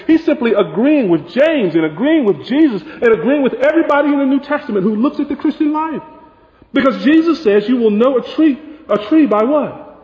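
A man preaching with a high, highly animated voice that swings from hushed lows to forceful peaks. The sound is dull and lo-fi, with a long reverb that rings through a large hall. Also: normal speed. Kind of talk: sermon.

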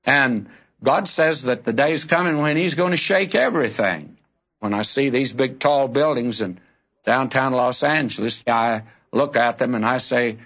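A man's voice: mid-range voice, moderate pace, fairly bright tone, breathy edge. An earnest man preaching a sermon, speaking straight to his listeners and calling them friend. His voice sits in a middle register. The recording sounds dull and lo-fi, with the top end rolled off. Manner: earnest, direct, addresses listeners as friend and brother.

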